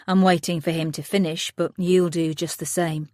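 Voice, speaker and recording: A woman's voice: on the low side, flat delivery, moderate pace, darkish tone, no room sound, studio quality, close to an everyday voice. A woman voicing a predatory man at a party who speaks in a leering, casual way in an audiobook.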